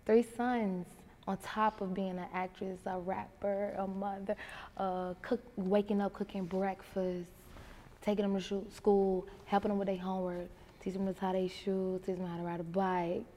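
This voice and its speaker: A woman's voice: mid-range voice, normal speed, big-room sound. A woman from Miami with a Miami accent, a guest telling stories in a casual interview, acting out what people said. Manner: animated storyteller acting out quotes.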